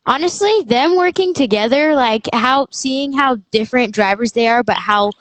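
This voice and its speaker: A woman's voice: on the high side, moderate pace, dry recording. A woman co-hosting a casual chat, easygoing and enthusiastic.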